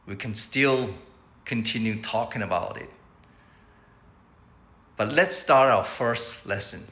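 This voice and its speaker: A man teaching beginners Mandarin, repeating each word slowly so learners can copy it. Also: fairly low pitch, bright, forceful tone, echoey room, poor audio. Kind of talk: beginner language lesson.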